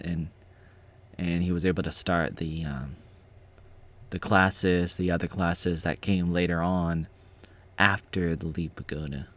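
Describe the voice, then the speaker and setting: A man giving casual, rambling reaction commentary on his own old footage, often restarting his sentences. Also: low voice.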